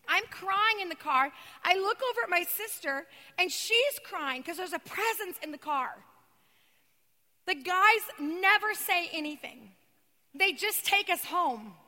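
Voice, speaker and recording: A woman preacher giving a sermon, telling her story dramatically and swinging between loud cries and hushed, near-whispered passages. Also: very high-pitched, lively intonation, measured pace. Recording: long reverb of a large hall.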